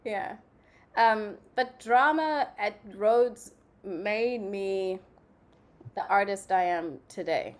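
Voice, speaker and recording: A young adult woman from Zimbabwe, a guest in an interview, telling her story in a chatty, animated way full of "like" fillers. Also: medium pitch, slow. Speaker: guest, playwright and actress. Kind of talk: casual conversational interview.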